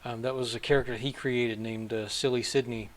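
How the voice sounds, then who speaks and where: A man hosting a live stream, talking casually with many halting fillers. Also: medium pitch, fairly even intonation. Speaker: livestream host.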